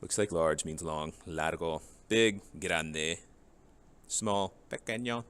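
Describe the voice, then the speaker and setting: A man's voice: sits low, slow pace, fairly bright tone, clean tone. A man teaching a Spanish vocabulary lesson, reading each English word and then its Spanish match, and asking the class rhetorical questions.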